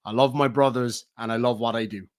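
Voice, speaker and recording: A middle-aged Irish man ranting on a livestream, profane and taunting, swinging between loud outbursts and low mutters. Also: fairly even intonation, brisk. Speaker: streamer. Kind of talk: heated livestream rant.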